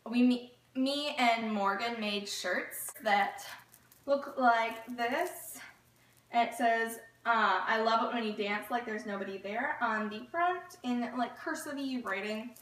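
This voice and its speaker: Bright-voiced chatty woman vlogger. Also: a little high. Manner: gushing, chatty, many fillers. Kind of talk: casual storytelling vlog. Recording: echoey room, mic at a distance.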